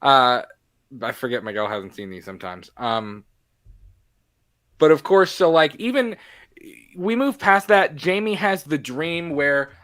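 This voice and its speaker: Bright lively-voiced man on a podcast. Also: a little high, measured pace. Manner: animated, acts out movie lines in voices. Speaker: podcast co-host. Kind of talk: casual movie podcast chat.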